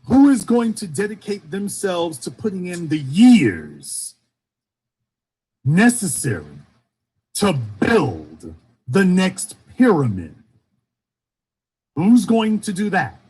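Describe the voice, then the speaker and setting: Husky, animated Southern-born man preaching. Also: high-pitched, takes it slowly, pauses often. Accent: faint Southern US. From Shreveport, Louisiana, US. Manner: rhetorical, repeating questions, rising and falling emphasis. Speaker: commentator. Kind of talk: impassioned streamed monologue.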